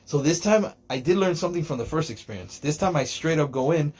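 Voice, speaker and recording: A man's voice: on the high side, lively intonation, quick pace, darkish tone. Rambling, joking man telling a story. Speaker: podcaster. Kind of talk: casual storytelling monologue.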